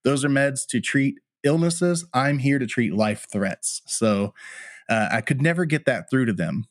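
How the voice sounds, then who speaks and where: A man's voice: medium pitch, lively intonation, a little slow, no echo, clean studio sound. A man who works as a firefighter and paramedic, candidly retelling a painful personal story as a podcast interview guest. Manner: candid, plainspoken, emotional retelling.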